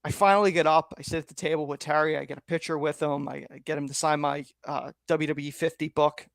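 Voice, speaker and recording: A man co-hosting a podcast, telling a story in a lively way and laughing often. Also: on the high side, quick pace, vocal fry, dry recording, clean studio sound. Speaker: podcast co-host. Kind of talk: casual chat, anecdote telling.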